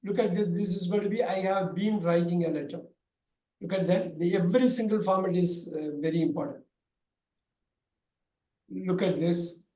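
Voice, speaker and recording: A man teaches a grammar lesson online, loud and repetitive, with lots of fillers. His voice sits high for a man. The sound carries a noticeable room echo. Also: moderate pace, long pauses. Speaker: English teacher. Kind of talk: online class lecture. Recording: echoey room.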